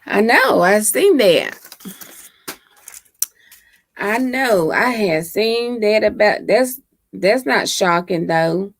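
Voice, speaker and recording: A woman casually livestreams from home on her laptop mic, chatting, laughing and teasing those watching. Her medium-pitched, creaky voice is very animated yet slow, with long pauses, in a dry recording.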